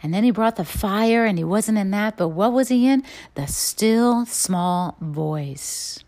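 A woman's voice: lively intonation, slow pace, darkish tone. A woman giving an earnest sermon-style teaching and closing prayer, sometimes raising her voice to act out quoted speech. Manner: earnest, acts out quoted voices with rising pitch. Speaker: teaching minister.

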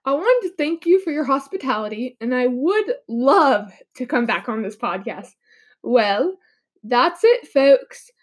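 A woman's voice: high voice, big pitch swings, normal speed, hardly any pauses. A young woman, a little sick and coughing, earnestly explaining a poem as a podcast guest in a casual way. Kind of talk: mock podcast poetry analysis.

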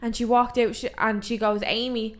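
A young woman with an Irish accent, co-hosting a podcast in casual chat, trading stories and chiming in with quick agreement. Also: a little high, little pitch movement. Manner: chatty, quick back-and-forth, short agreeing replies. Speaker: podcast co-host.

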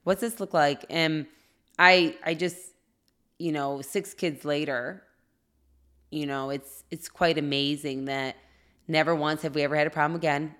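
A woman in her thirties tells a personal story in a relaxed, chatty way. Her voice sits a little low for a woman. She slips into the voices of the people in her story as she goes. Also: measured pace. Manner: animated, acts out quoted reactions. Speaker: podcast co-host. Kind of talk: casual storytelling.

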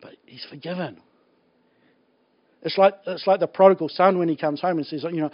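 A man preaching a sermon in an animated, joking way, laughing often. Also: a little high, moderate pace, long pauses. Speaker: pastor. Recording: dull lo-fi recording.

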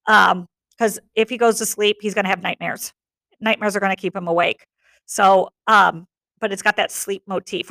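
A woman's voice: medium pitch, vocal fry, a bit bright, no echo. Chatty middle-aged woman teaching. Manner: chatty, explanatory with frequent "okay?". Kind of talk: classroom literature lesson.

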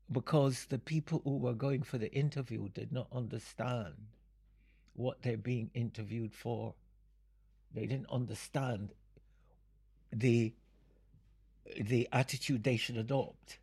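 An older man speaks in a deeply gravelly, very husky voice, with a rough edge running through his words. He answers audience questions slowly and haltingly, often stopping for a small chuckle. His pitch sits at an ordinary level. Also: dark tone. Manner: unhurried, halting, explanatory, chuckles between points. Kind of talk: Q and A talk.

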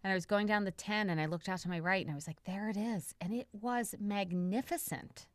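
A woman's voice: mid-range voice, brisk. A woman hosting a podcast in casual chat, enthusiastic and full of exclamations. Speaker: podcast host.

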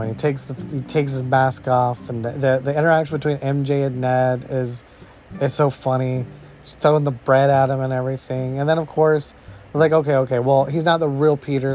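Excited, rambling man reviewing a film. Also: mid-range voice. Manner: enthusiastic, rambling, says "bro" and "you know" a lot. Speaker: podcast host reviewing a film. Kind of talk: casual excited movie review.

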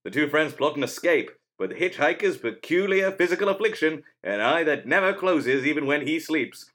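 A podcast host voicing a dramatic, old-fashioned radio announcer reading a film synopsis. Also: male voice, on the high side, animated, normal speed, a bit bright. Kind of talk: 1940s radio narration.

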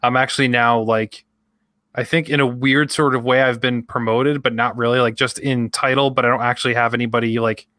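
A young podcast co-host rambles casually through stories from work, acting out his coworkers' lines. His mid-range voice is flat in delivery, fairly quick, and pushed and bright, captured as clean studio sound with no room sound.

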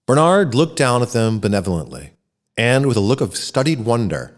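A male storyteller reads a short story with a lively, rising and falling voice. He belts out the characters' shouts. The voice rings with a long reverb, as in a hall. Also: medium pitch, normal speed. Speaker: narrator. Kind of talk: scripted narration of a short story.

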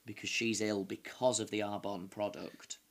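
A man's voice: fairly low pitch, little pitch movement, moderate pace. A young man in improvised mock true-crime chat, earnestly playing detective. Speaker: improv comedy host.

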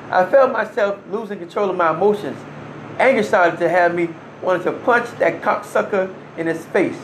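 A man's voice: high-pitched, normal speed, slight background noise. A man telling a first-person story in an earnest, emphatic way, with short restarts and wry laughs. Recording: roomy echo.

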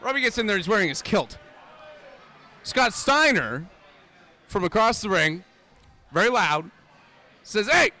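Comedian guy on a podcast, high gravelly voice, rambles and laughs a lot. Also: big pitch swings, unhurried, pauses often, sharp tone. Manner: rambling, restarts, frequent laughter. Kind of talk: casual chat, storytelling.

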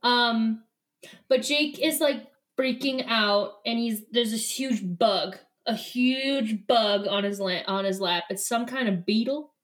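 A podcast co-host with a fairly high voice casually recaps a book chapter. She retells the scenes playfully, slipping into quick put-on voices for the characters' lines.

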